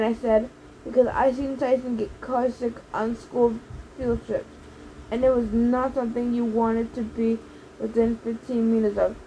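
A woman reading a first-person novel aloud in a brisk, lively storytelling manner. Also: on the high side, a little hiss or hum, rough recording. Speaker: audiobook reader.

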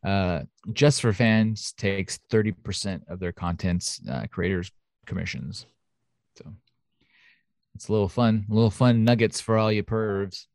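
A man's voice: on the low side, fairly even intonation, a little slow, a little mellow, no room sound, studio quality. A man hosting a casual podcast, reading news stories in a jokey way, often laughing. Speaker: podcast host.

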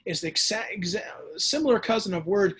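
A man preaching a sermon as pastor, lively and conversational, acting out voices and adding casual asides. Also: high voice, a little fast, husky. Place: church or home setting during the pandemic.

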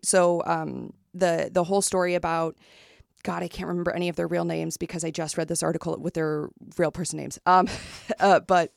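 Low gravelly woman, slow and halting. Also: no room sound, clean studio sound. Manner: halting, many fillers and restarts. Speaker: podcast co-host. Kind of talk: casual book discussion.

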